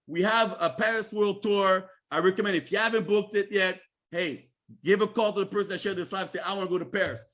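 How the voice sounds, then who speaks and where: Pitching on a livestream, this Canadian-accented man is high-pitched and fairly quick. His sales talk is energetic and chatty, with repeated points and questions thrown to listeners.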